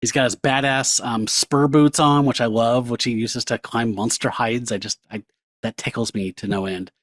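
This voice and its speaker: A man co-hosting a comics podcast, casually recapping comic pages and speeding up in animated bursts. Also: medium pitch, moderate pace. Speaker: podcast co-host.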